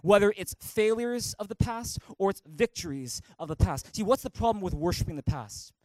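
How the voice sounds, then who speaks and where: A middle-aged male pastor giving a lively sermon, acting out quoted voices and singing snatches of song. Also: high voice, moderate pace, no room sound, rough recording. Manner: energetic, animated preaching that acts out quoted voices and sings snatches of song.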